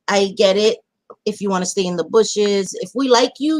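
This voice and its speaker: Animated woman hosting a casual livestream. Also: medium pitch, normal speed. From Latina. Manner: animated, swearing, affectionate nicknames. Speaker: livestream host. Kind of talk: casual livestream chat greeting viewers.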